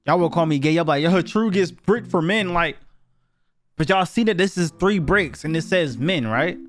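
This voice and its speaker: A man's voice: on the high side, expressive, moderate pace. A young man giving blunt, profane, slang-heavy reactions as he reviews viewer submissions in a casual video.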